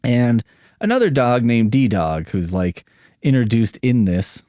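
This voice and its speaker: A man's voice: mid-range voice, lively intonation, slow, warm tone, dry recording, studio quality. A man hosting a solo podcast, rambling and swearing casually, and making fun of himself. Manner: rambling, profane, self-mocking. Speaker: podcast host.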